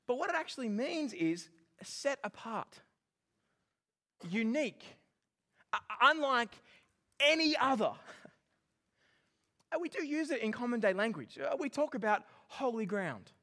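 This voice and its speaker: A man preaching a sermon, animated and joking as he makes his points. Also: sits high. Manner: animated and joking, with lively emphasis. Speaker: pastor.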